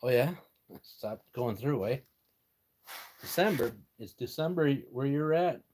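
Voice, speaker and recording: A man's voice: medium pitch, animated, unhurried, a little mellow, a little hiss or hum. An older American man hosting a casual live stream from his workshop, chatting with viewers in a folksy way and chuckling as he answers their messages. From United States. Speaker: livestream host.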